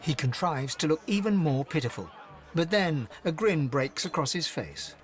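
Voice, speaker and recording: A man's voice: on the high side, animated, moderate pace. A man giving wry, storybook-style narration for a video game.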